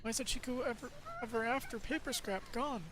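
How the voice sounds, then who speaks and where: A woman's voice: on the high side, fairly quick, background noise, pitched above the performer's own voice, natural voice. A woman reading as a frightened schoolgirl lost alone. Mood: anxious. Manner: panicky, self-talking.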